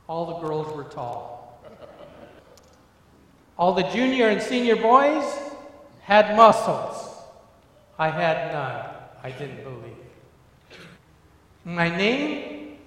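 Slow, emphatic man preaching in echoey hall. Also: high voice. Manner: builds from hushed to fervent, emphatic repetition. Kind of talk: sermon. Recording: echoey hall, far from mic.

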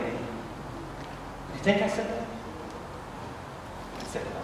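A man preaching, telling a story dramatically with stammered repetitions, swinging between loud and hushed. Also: sits high, very animated, a little slow, pauses often, a little hiss or hum. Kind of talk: sermon storytelling. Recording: echoey hall, voice from far off.

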